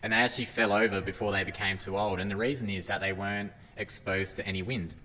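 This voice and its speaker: An earnest man preaches a sermon, reading scripture aloud and often restarting his phrases. His voice sits a little low yet sounds bright and forceful. It carries a long hall reverb over a faint room hum. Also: fairly even intonation, fast talker. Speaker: lay preacher. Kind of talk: sermon talk.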